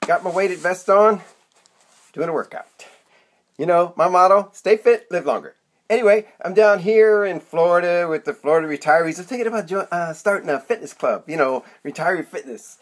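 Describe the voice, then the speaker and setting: Speaking at a moderate pace in a high voice, this comedic vlogger in his sixties wanders through a funny monologue to camera. He mocks himself, chats freely, and keeps veering off into tangents.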